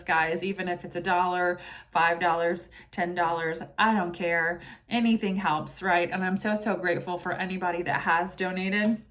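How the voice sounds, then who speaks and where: A woman's voice: medium pitch, fairly bright tone. Chatty woman tarot reader. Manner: chatty, with many asides like "you know" and "right?"; recites prayers of protection. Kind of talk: casual chat and tarot reading.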